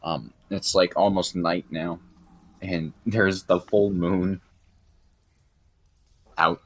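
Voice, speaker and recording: A young man narrating as game master of a tabletop game, halting with many fillers. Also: deep voice, steady tone, a bit bright.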